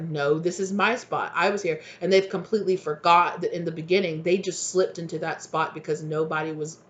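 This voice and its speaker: A tarot reader giving a rambling, animated channeled reading, acting out little dialogues. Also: mid-range voice, muffled recording.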